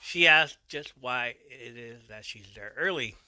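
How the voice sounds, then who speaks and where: Man with a very bright, tense voice. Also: medium pitch, unhurried, dry recording. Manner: loose and swearing, corrects his own slips. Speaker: podcast host. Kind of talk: casual episode recap.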